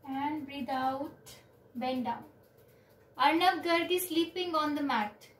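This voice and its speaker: High-voiced woman teaching kids yoga. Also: a little hiss or hum. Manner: slow, clear instructions and counting, encouraging. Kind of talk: online yoga class for children. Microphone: video call. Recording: roomy, distant from the mic.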